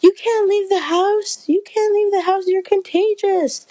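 A woman voicing her worried female coworker in a high, urgent voice. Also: fairly even intonation, a little slow, mellow. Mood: alarmed.

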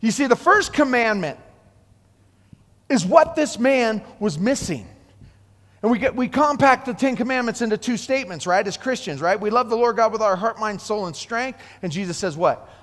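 Man, high-pitched, preacher, sermon, animated, hushed to loud, long hall reverb. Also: normal speed. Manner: animated, swings from hushed to loud, acts out quotes.

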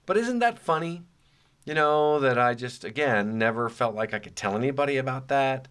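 A man's voice: mid-range voice, animated, moderate pace, fairly bright tone, smooth. A middle-aged man hosting a podcast, talking through his memories in a reflective, conversational way with wry asides. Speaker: podcast host. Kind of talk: casual monologue.

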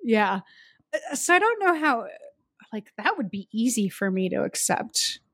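A woman's voice: on the high side, very animated, a little slow, fairly bright tone, no room sound, clean studio sound. A woman speaking frankly in a casual podcast chat, with laughs and restarts.

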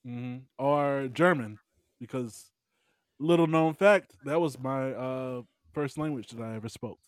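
A man's voice: medium pitch, unhurried, clean tone, no room sound. A man co-hosting a casual podcast chat, talking with many fillers and restarts. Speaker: podcast co-host.

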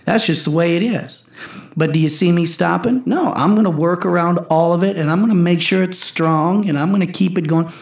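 A man's voice: sits high, a little fast, vocal fry, roomy sound. A man in his forties, a powerlifter and coach, talking intensely in casual chat, swearing and acting out his own quotes. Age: 40s.

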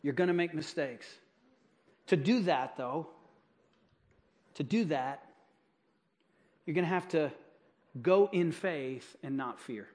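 Middle-aged pastor guy, high voice, chatty self-deprecating sermon from the church stage. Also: animated, slow pace, long pauses, darkish tone. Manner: conversational, self-deprecating storytelling with asides to the congregation.

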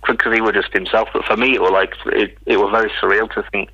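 A man's voice: lowish voice, fairly even intonation, fast talker, bright, forceful tone, husky, dry recording, dull audio. A man, a writer guest in a casual interview, rambling and restarting as he tells stories. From England. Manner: rambling, self-interrupting storyteller.

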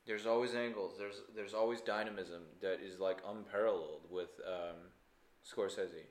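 A man hosting a casual podcast chat, enthusiastic and quick to laugh. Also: fairly low pitch, fairly even intonation. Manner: enthusiastic, laughs often, restarts and fillers. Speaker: podcast host. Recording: echoey room.

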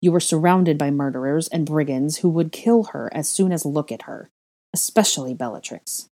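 A woman's voice: lively intonation, moderate pace, dark tone. A woman reading aloud voices a grave, protective male headmaster who speaks in terse, clipped lines. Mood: stern. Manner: clipped, terse, low intoning.

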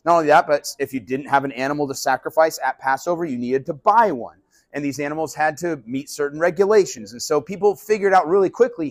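A male pastor giving a casual, animated sermon. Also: fairly high pitch, fast, dry recording, studio quality. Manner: animated, conversational preaching.

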